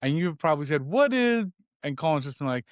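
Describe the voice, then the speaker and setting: A middle-aged man co-hosting a casual podcast, telling a story with lively acted-out voices. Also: on the high side, racing, dry recording, clean studio sound. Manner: animated storyteller, acts out his kids' voices. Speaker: podcast co-host.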